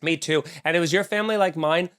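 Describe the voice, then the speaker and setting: A man hosting a comedy podcast, ranting in a snarky, profane, animated way. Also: a little high, fast, clear, resonant tone. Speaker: podcast host.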